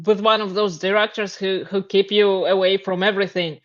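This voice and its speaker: A woman talking on a podcast in a blunt, dismissive way. Her pitch sits in the middle. The sound is dull and lo-fi. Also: steady tone, moderate pace. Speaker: podcast co-host. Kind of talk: casual podcast chat.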